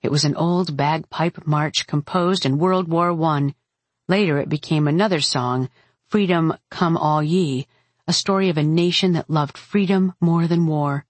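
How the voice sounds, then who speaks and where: A woman narrating a first-person fantasy audiobook in a steady, wry manner. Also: low-pitched, unhurried, no room sound.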